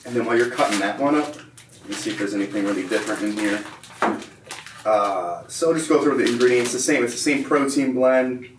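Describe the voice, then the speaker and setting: A man co-hosting a casual protein bar taste test, reading out labels in a relaxed way. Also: medium pitch, brisk, noisy background. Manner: relaxed, reads out nutrition labels. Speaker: co-host reviewing protein bars. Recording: roomy, mic at a distance, faint ambience.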